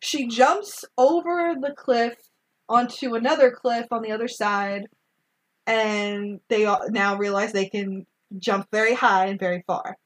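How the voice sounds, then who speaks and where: A woman chatting casually as she recaps a movie. She is animated and laughs often, acting out the characters' lines in quick bursts, with a slightly high voice. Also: low-quality recording. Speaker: podcast co-host recapping a film. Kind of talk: casual chat.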